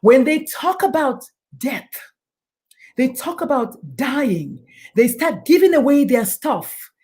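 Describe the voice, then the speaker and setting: A woman's voice: high voice, expressive, slow pace, a little mellow. A middle-aged woman speaking as a guest in a talk show interview, emphatic and preachy, often acting out the people she quotes. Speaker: guest, doctor and suicide prevention speaker.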